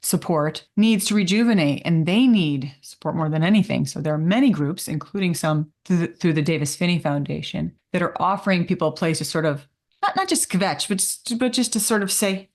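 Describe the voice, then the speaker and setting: A woman co-hosting a podcast, speaking candidly and wryly, her words at times slurring and rushing together. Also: fairly low pitch. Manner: wry, candid, sometimes slurred and rushed speech. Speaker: podcast co-host. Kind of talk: casual conversational podcast talk.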